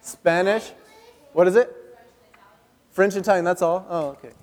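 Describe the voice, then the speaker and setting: This pastor's high voice holds a steady tone at a moderate pace, with a darkish quality, echoing through the long reverb of a church hall. He jokes around and asks the congregation questions as he preaches.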